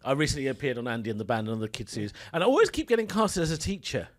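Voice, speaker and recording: A man's voice: medium pitch, very animated, very fast. A middle-aged man from England, a podcast guest telling wry stories about his acting work, laughing often. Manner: laughs often, wry self-mocking storytelling. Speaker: podcast guest, actor and comedian. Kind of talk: casual chat.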